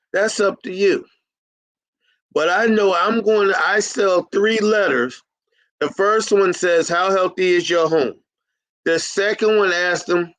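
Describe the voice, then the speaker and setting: A middle-aged man coaches cleaning business owners in a slow, drawn-out delivery. His voice sits a little high for a man. The sound is dry and close. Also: a bit bright, no echo, rough recording. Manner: folksy, plays both sides of an imagined dialogue. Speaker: carpet cleaning business consultant.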